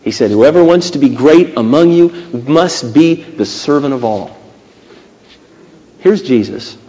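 A man preaching a sermon emphatically, with dramatic pauses between phrases. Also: medium pitch, dark tone, lo-fi sound. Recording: long reverb of a church hall.

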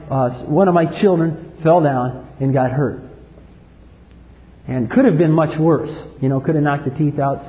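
A man preaching a sermon, emphatic, swinging from loud outbursts to low quiet lines. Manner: emphatic, rises to loud acted outbursts then drops low. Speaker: pastor. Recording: echoey hall, dull lo-fi sound.

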